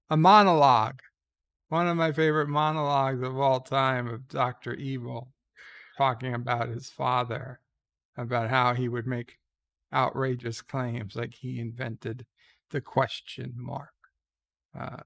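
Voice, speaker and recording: A man hosting a casual live stream from bed, reading out chat messages in a slow, halting way with dry, irreverent remarks. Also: mid-range voice, gravelly, a bit bright. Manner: slow, halting, with many pauses and fillers; wry and irreverent. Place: lying in a bed.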